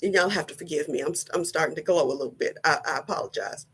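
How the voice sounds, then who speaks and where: A middle-aged woman giving a personal motivational talk, slow, earnest and deliberate, often repeating her phrasing. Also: low voice, fairly bright tone, slightly rough. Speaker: wellness vlogger.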